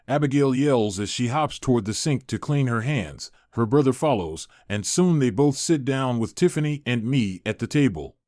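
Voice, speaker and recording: A man's voice: mid-range voice, expressive, moderate pace, hardly any pauses, a little mellow, no echo. Man narrating a story, dry close sound. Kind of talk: first-person scripted story narration.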